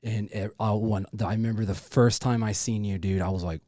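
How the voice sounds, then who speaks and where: A man's voice: lowish voice, steady tone, fairly quick, mellow, dry recording, clean studio sound. A man hosting a casual podcast interview, talking in a loose, effusive way, swearing freely and saying "dude" again and again. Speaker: podcast host.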